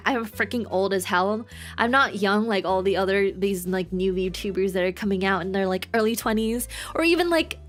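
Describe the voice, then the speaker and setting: A woman's voice: on the high side, a bit bright. A woman in her twenties, a streamer and nurse, chatting casually and rambling, repeating words for emphasis. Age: 20s. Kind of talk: casual chat.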